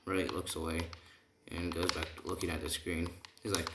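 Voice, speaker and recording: A man's voice: sits low, fairly even intonation, normal speed. A man casually telling a made-up fan story, rambling and retelling the dialogue with lots of "he's like" and "right?". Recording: echoey room with keyboard typing noise.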